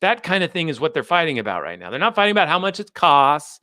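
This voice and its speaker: An American man talks politics as host, emphatic and fired up. His voice sits a little high and comes out bright and forceful. The sound is dry, with no room around it. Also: big pitch swings, quick pace, no room sound. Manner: fired up, emphatic, laughs at himself. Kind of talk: animated livestream commentary.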